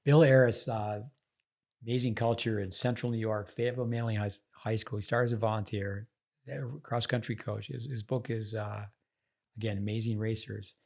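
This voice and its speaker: Male podcast host, deep-ish gravelly voice, conversational interviewer. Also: flat delivery, normal speed, a little mellow.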